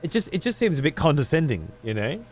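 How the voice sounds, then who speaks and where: A man's voice: on the high side, very animated, quick pace, a little hiss or hum. A man giving casual gameplay commentary as a streamer, profane and sarcastic.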